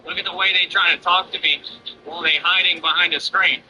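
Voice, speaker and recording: High bright-voiced man ranting defiantly. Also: steady tone, a little fast, a little hiss or hum, rough recording. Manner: defiant, confrontational, boastful. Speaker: streamer. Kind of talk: livestream rant over gameplay.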